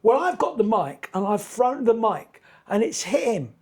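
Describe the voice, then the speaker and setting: An older man from England, a comedian telling a long anecdote, animated and acting out what people said. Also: high voice, normal speed, husky. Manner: animated, acts out quotes, restarts and repeats words. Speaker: comedian guest. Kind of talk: anecdotal storytelling.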